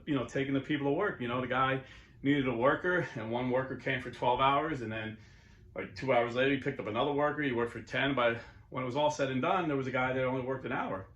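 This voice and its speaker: Speaking quickly in a mid-range, fairly bright voice, this middle-aged Catholic convert talks casually and earnestly on his YouTube channel, now and then breaking into preachy outbursts. The audio is dull, and the room echoes.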